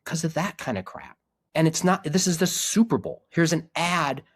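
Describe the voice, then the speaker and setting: A man's voice: on the high side, moderate pace, breathy edge, no echo, clean studio sound. A middle-aged man and podcast guest who speaks earnestly and reflectively about his men's groups, often restarting his sentences. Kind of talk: casual conversation.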